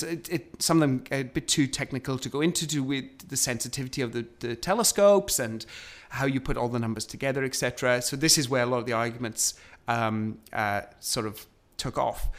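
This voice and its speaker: Man telling astronomy history casually. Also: medium pitch. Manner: storytelling, hesitant with ums and restarts. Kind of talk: conversational science storytelling.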